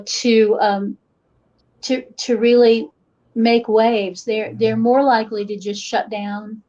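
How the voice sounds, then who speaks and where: Middle-aged Appalachian woman, folklorist guest, raised pitch, lo-fi recording, animated storyteller. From western North Carolina. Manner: animated, acts out quoted voices, frequent restarts. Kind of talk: conversational interview storytelling.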